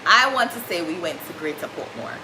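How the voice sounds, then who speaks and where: A woman's voice: on the low side, expressive, a little fast, pushed and bright. A young Jamaican woman with a Jamaican accent, telling a story in casual chat and slipping into patois. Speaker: vlogger. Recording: echoey room, faint background noise.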